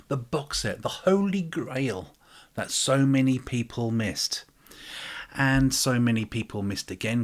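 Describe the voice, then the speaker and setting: A man's voice: medium pitch, fairly bright tone. A man hosting a video, delivering a sarcastic open-letter monologue that mixes mock-dramatic lines with whispered asides. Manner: sarcastic, addresses listener directly. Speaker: channel host.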